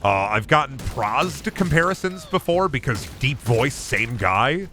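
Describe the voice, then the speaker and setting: Man, streamer, casual game commentary, animated pitch, bright tone, upward inflection. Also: unhurried, soft background music. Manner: chatty, rambling, swears freely.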